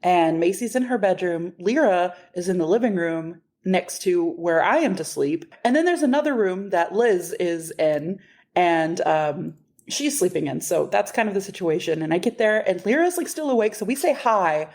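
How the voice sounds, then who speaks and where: A woman's voice: lowish voice, normal speed. Laughing woman telling a story. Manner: animated, laughing storyteller who swears. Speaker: podcast co-host. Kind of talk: casual storytelling chat.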